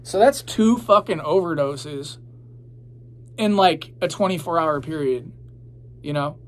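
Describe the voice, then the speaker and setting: A man's voice: fairly high pitch, measured pace. A young man telling his own story in a casual, rambling, profane way, full of fillers.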